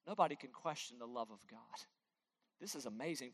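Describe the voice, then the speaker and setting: A man preaching a sermon as pastor, pleading with his listeners, moving between loud emphatic lines and hushed, quiet ones. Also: fairly high pitch, animated, moderate pace.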